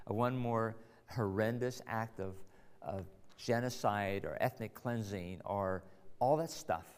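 Gravelly preacher in a reverberant hall. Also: male voice, mid-range voice. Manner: earnest, building to emphatic rhetorical questions. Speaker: pastor. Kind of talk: sermon. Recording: long reverb of a large hall.

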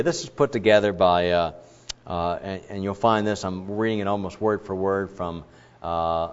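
A man preaching a sermon, explaining scripture in an emphatic way and putting questions to his listeners. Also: on the low side. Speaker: pastor. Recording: dull lo-fi sermon recording.

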